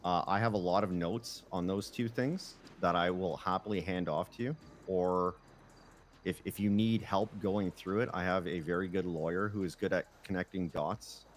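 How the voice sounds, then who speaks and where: A man's voice: low voice, fairly even intonation, normal speed, a little hiss or hum. A man talking in character over voice chat, casually explaining legal steps one by one.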